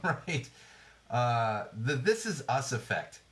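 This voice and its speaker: A man's voice: mid-range voice, very animated, slow pace, a bit bright. Rambling sarcastic male podcast host. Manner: rambling, sarcastic, with frequent fillers and restarts. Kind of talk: casual commentary on TV trends. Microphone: podcast microphone.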